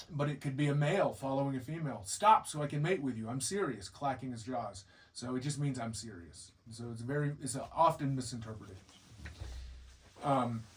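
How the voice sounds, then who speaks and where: A man's voice: on the high side, distant mic, a little hiss or hum, rough recording. Man lecturing informally from afar. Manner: explains with acted-out bear and guide quotes. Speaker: bear viewing trainer. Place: lodge room with a group.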